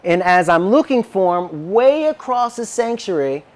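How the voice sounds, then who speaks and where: A man delivers a sermon as a personal story, his fairly high voice swooping up and down. He is animated and acts out each line of dialogue. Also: a little slow. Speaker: minister.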